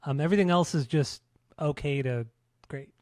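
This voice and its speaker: A man's voice: on the high side, normal speed, a little mellow, no room sound, studio quality. A man co-hosting a podcast in casual chat, blunt and sardonic, swearing as he gives his opinions. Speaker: podcast co-host. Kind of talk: casual chat about music.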